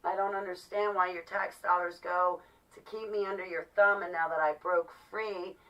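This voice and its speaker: Impassioned low-voiced woman, distant and dull. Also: fairly even intonation, moderate pace, a bit bright. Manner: impassioned and emphatic. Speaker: vlogger. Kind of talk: personal monologue. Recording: distant mic, dull lo-fi sound.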